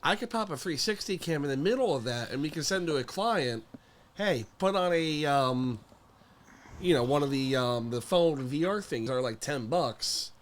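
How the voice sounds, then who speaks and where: A man's voice: a little high, lively intonation, normal speed, a little hiss or hum. A man chatting casually on a stream, rambling with plenty of fillers. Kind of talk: casual chat.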